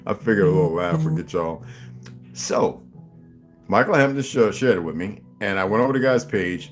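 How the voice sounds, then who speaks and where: A man hosting a casual stream from home, talking straight to his viewers in a loose, profane, animated way before reading a book aloud. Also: fairly low pitch, brisk, soft background music. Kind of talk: casual livestream chat. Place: home room.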